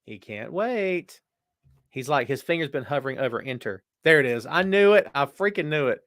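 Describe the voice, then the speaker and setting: A man hosting a casual live stream, talking loosely and joking as he reads viewers' comments aloud. His voice sits at an average pitch, and the sound is dry and close with no room echo. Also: animated, moderate pace, fairly bright tone. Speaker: podcast host.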